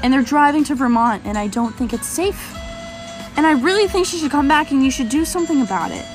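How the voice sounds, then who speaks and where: A young woman telling a story in casual chat, animated and swearing as she talks. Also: sits high, a little fast, faint music behind. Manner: animated, swearing, laughing often.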